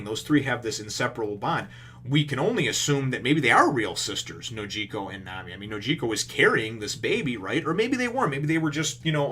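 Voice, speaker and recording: A man's voice: mid-range voice, sharp tone, husky. Man rambling through a manga recap. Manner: rambling, filler-heavy retelling with casual swearing; acts out characters' lines in quick paraphrase. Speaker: manga reviewer. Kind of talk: casual chapter recap.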